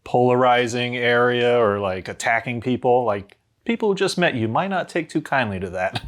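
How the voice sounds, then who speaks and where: A man's voice: mid-range voice, expressive. A man co-hosting a board game review, chatting casually with restarts and laughs. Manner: halting, laughing, restarts a lot. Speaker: board game show co-host.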